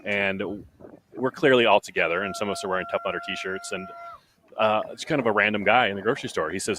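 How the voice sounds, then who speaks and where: A man commentating live on an outdoor obstacle race, rambling into stories and getting excited over the action. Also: fairly low pitch, quick pace, noisy background. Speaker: livestream commentator.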